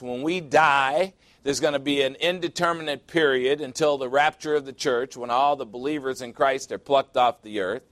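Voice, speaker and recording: Male pastor preaching, emphatic and slow on the big words, dry close sound. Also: mid-range voice, a bit bright, no echo. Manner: emphatic, deliberate, repeating phrases for effect. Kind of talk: sermon.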